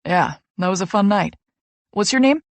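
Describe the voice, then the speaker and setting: A woman voicing a charming, teasing young male hockey player, speaking slower and a bit lower. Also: animated, no room sound, natural voice. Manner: easygoing, teasing, slower delivery.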